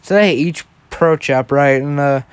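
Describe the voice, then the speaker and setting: A man's voice: fairly high pitch, moderate pace, smooth, no room sound. A young man casually telling a fan-fiction story, rambling and often checking in with "right?". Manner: rambling, with frequent restarts and "right?".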